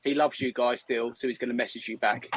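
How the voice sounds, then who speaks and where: A man's voice: mid-range voice, steady tone, fast, a little hiss or hum, poor audio. A man hosting a live selling stream, chatting casually and teasing his guests. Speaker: livestream host. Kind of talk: casual livestream chat.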